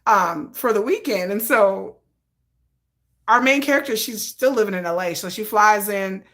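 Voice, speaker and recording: A woman's voice: mid-range voice, moderate pace, a bit bright. A woman hosting a live stream, chatting casually and rambling through her fan fiction with frequent restarts.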